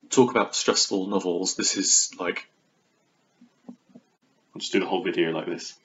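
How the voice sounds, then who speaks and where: A man's voice: deep voice, little pitch movement, moderate pace, a bit bright. Chatty man, dull lo-fi sound. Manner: chatty and theatrical, slipping into exaggerated quoted voices. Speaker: book vlogger. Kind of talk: casual book review vlog. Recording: dull lo-fi recording.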